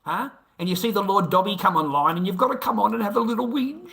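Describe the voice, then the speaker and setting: A man's voice: high-pitched, fast, gravelly, hardly any pauses, bright, forceful tone. An Australian man ranting on his livestream in a taunting, repetitive way, full of swearing. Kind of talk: profane livestream rant. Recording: roomy echo.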